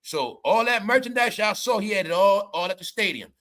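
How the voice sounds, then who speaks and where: A man's voice: high voice, expressive, brisk, fairly bright tone. A man giving casual, comedic commentary as a vlogger, rambling, swearing, laughing and stammering as he talks.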